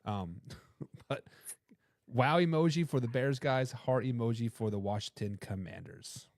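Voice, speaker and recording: Joking Boston-accented sports talk host. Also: male voice, mid-range voice, a little mellow, no echo, clean studio sound. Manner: quick, joking, stumbles over words. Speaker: show host.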